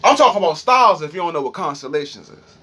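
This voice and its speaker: Young man with a D.C. accent, high-pitched, rambling profane freestyle monologue. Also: very animated, fast talker, sharp tone, husky. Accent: Washington, D.C. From Washington, D.C. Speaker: streamer.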